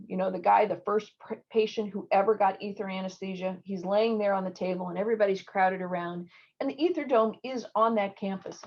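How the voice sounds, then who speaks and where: A middle-aged woman surgeon giving interview advice in an online talk, telling stories lively and acting out the people she quotes. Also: mid-range voice, vocal fry. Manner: lively storytelling with acted quotes. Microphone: video call. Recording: dull lo-fi video call audio.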